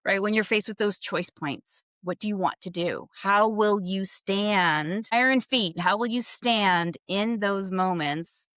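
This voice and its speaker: A woman's voice: mid-range voice, slow pace, a bit bright, dry recording, studio quality. A woman executive coach talking candidly and reflectively as a podcast guest, laughing lightly and posing questions to herself. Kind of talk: conversational podcast interview.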